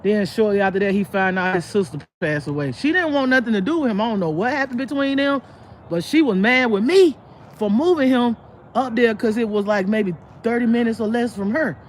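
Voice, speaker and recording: A woman's voice: fairly high pitch, a little fast, slight background noise. Blunt, profane woman telling stories live. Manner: blunt, profane, rambling with many restarts; acts out quoted people in animated bursts. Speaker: livestream host. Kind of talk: casual live storytelling to viewers.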